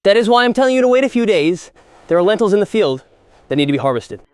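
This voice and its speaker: An actor playing the elder brother who heads a rural family, arguing and scolding in a family drama. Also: male voice, high-pitched, sing-song, fast talker, over music. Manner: scolding, argumentative. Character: stern man heading a rural family household. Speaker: elder brother and head of the household. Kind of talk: village family drama acting.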